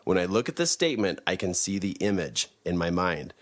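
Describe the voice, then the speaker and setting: A man's voice: sits low, sing-song, a little fast. A man giving a motivational teaching talk, emphatic and repeating his key phrases.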